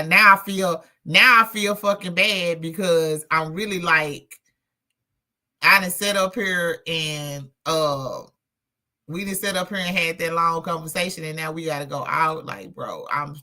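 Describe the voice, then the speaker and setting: A woman's voice: low voice, measured pace, pushed and bright. A woman hosting a livestream, chatting casually and bluntly with viewers and swearing freely. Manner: blunt and profane, talks straight to chat. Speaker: livestream host.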